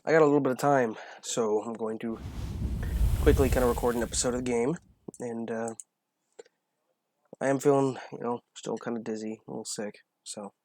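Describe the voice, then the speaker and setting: A man's voice: medium pitch, normal speed, pauses often, slight background noise. Casual man narrating a game. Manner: relaxed, rambling, self-correcting. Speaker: let's play host. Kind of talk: casual game commentary and dialogue reading. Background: game music.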